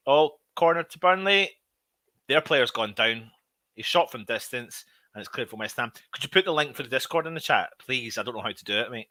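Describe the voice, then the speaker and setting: Male fan host, running live match commentary, excitable and frustrated, tense bright tone. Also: medium pitch, fairly quick, no echo. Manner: excitable, shouts at big moments, grumbles at players. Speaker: fan watch-along host. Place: at home.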